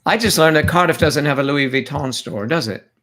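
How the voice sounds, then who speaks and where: A man's voice: a little high, a little fast, fairly bright tone. A man hosting a casual livestream chat, playful and teasing, greeting viewers by name. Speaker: livestream host.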